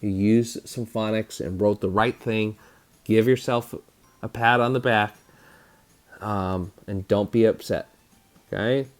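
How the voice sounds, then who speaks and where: A man teaching a phonics spelling lesson to children, sounding out words slowly and patiently and over-enunciating each syllable. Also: lowish voice, steady tone.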